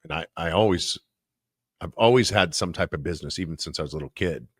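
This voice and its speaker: A man's voice: low-pitched, quick pace, breathy edge, no room sound, studio quality. A man hosting an interview, chatting casually and agreeably, sharing his own story and prompting his guest. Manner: relaxed, agreeable, brief backchannels. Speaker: podcast host.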